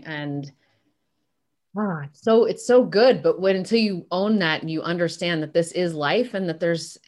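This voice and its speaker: A middle-aged woman, a business coach, speaking with emphatic energy as a podcast interview guest. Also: low voice. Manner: energetic, emphatic, acts out quotes.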